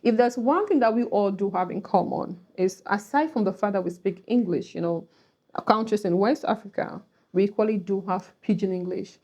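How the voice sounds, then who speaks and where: Chatty woman, warm voice. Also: mid-range voice, moderate pace, lo-fi sound. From Cameroon. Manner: chatty, often asks "right?", "you know". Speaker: language teacher vlogger. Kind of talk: casual teaching to camera.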